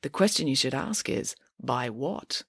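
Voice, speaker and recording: A woman's voice: very deep voice, expressive, unhurried, gravelly, husky, no echo, studio quality, heavily acted. A woman voicing an unflappable, matter-of-fact young girl detective in a storybook reading. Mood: calm.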